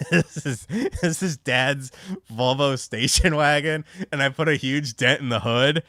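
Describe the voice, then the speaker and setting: A man's voice: medium pitch, unhurried, pushed and bright, dry recording, clean studio sound. A young man from North Carolina, chatting on a casual livestream and telling rambling, profane stories full of fillers. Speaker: streamer.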